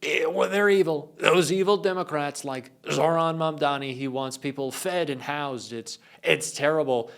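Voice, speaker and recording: A man's voice: on the high side, moderate pace, gravelly, few pauses, a bit bright, clear, resonant tone, voice pushed up. A man doing a sarcastic impression of a whiny politician, sneering as he mimics him.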